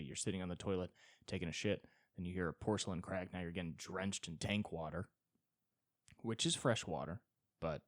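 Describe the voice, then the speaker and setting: A man's voice: sits low, dry recording, studio quality. A man doing a stand-up style solo podcast monologue, rambling and exasperated, with swearing riffs. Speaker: stand-up comedian and podcast host.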